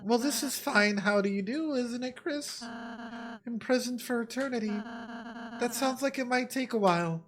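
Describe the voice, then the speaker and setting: A man voicing a gentle, shy young male goat-like prince from a video game, in a soft, earnest, hesitant way. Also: very high-pitched, voice pushed up. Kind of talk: reading game dialogue aloud in character.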